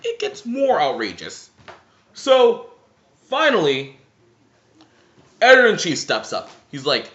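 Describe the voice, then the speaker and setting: Man ranting profanely, lively high voice. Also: slow, pauses often. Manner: animated, profane, sarcastic ranting. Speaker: vlogger. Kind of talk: ranting commentary vlog. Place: indoor room, seated. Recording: roomy, dull lo-fi sound.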